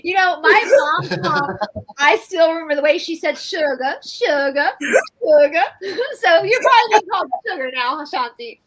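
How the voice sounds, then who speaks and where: A woman co-hosting a casual spiritual livestream, chatty and animated, joking and reading passages aloud. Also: very high-pitched, normal speed, poor audio. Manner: chatty, laughing, animated storyteller. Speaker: co-host.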